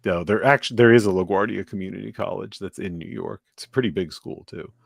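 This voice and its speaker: A man with a low, gravelly voice hosts a casual podcast. He rambles freely, restarting sentences and filling gaps with "like" and "um", and the sound is close and dry. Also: fast talker, dry recording. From United States. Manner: rambling, full of fillers and restarts. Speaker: podcast host. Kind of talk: casual chat.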